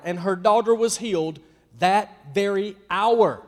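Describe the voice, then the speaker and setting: A man preaching a sermon in a church, swinging from loud emphasis to soft whispers and calling out to listeners by name. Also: high voice, lively intonation, normal speed, big-room sound. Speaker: pastor.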